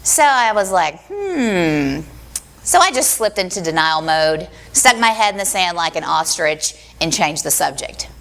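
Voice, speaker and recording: A woman's voice: on the low side, lively intonation, normal speed, few pauses, a bit bright. A woman telling a personal story on stage in a live storytelling style, acting out the voices she quotes. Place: small stage venue.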